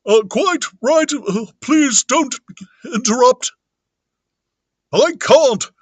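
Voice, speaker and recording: A man doing a prim, squeaky vicar. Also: lively intonation, very slow, breathy edge, dry recording, heavily acted. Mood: flustered.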